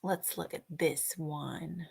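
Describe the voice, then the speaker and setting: A woman's voice: low-pitched, steady tone, slow, gravelly, husky. A woman hosting a casual livestream, chatting and greeting viewers by name, sometimes singing a snippet. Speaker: livestream host.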